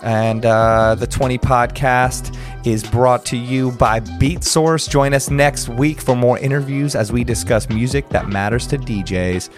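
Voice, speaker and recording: A man's voice: medium pitch, steady tone, a little slow, faint music behind. A man with an American accent hosting a casual podcast interview, laid-back and slangy, often laughing. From United States. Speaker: podcast host.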